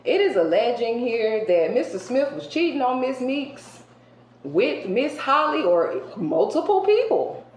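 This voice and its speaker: A woman doing a casual tarot card reading for her viewers. She talks colloquially and emphatically, jumping between loud outbursts and hushed asides. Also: fairly high pitch, very animated, a little slow. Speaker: tarot reader. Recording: roomy echo with faint background hiss.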